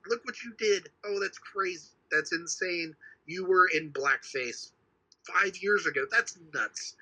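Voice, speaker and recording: Podcast guy, husky and super bright, heated and sweary. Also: high voice, a little slow, low-quality recording. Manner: heated, swears often, repeats himself. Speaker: podcast co-host. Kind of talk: casual chat.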